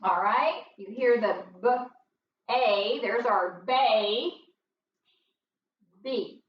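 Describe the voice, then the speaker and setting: A woman teaching a phonics lesson, sounding out words slowly and patiently for young learners. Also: a little high, echoey room, far from the mic, highs cut off, a little hiss or hum.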